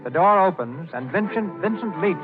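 A man narrating a 1930s radio drama in a measured, formal style. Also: sits high, expressive. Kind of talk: scripted narration. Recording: tinny old radio broadcast over music.

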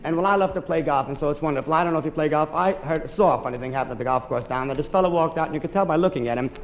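A man performing a stand-up comedy monologue, telling a long story briskly with deadpan asides. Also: a little high, slight background noise.

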